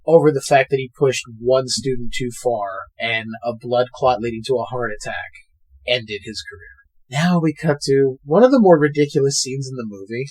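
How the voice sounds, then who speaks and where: A man's voice: medium pitch, normal speed, darkish tone, breathy edge. A man co-hosting a podcast, casually retelling a movie scene by scene and swearing freely. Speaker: podcast co-host. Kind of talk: casual movie recap chat.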